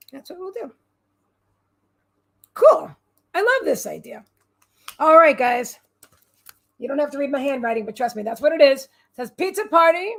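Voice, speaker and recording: A woman's voice: high-pitched, a bit bright. A woman hosting a casual livestream from home, rambling and bubbly as she answers viewers' comments aloud. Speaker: livestream host and psychic reader.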